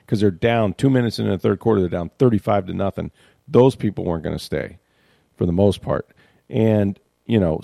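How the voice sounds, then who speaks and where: A man hosts casual sports talk in a low, warm, mellow voice. He is animated, stumbles over repeated words and slips into quoting others. The sound is close and dry. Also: creaky, dry recording.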